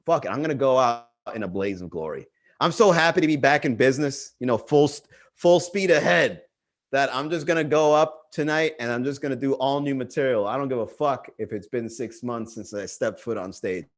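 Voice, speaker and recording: A man's voice: medium pitch, brisk. A man hosting a casual comedy livestream, riffing profanely and acting out other people's voices.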